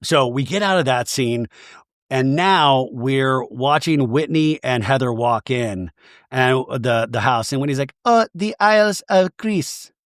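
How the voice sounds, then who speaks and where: A man's voice: medium pitch, measured pace, fairly bright tone, no room sound, studio quality. A man hosting a comedy podcast, recapping a reality show in a playful, jokey way. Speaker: podcast host.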